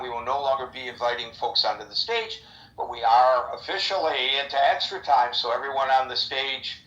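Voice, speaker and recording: A man hosting a live audio discussion, briskly keeping time and handing the floor to speakers. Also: mid-range voice, sharp tone, reverberant, highs cut off. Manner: brisk, keeps time and hands off turns. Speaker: host moderating the stage.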